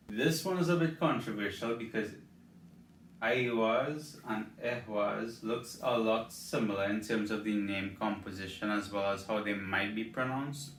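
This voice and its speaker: A man giving a casual spoken tutorial on pronouncing old words, enunciating each one slowly and carefully. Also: fairly low pitch, fairly bright tone. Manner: slow, careful enunciation of each word, with light self-deprecating asides. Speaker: rune pronunciation guide creator. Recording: roomy echo, distant from the mic, faint background hiss.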